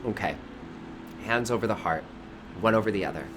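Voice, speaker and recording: Faint outdoor noise surrounds a Bay Area man hosting an online spiritual session live, outside in front of a high-up window. His voice is fairly low, expressive and fairly quick as he welcomes viewers effusively by name and teaches.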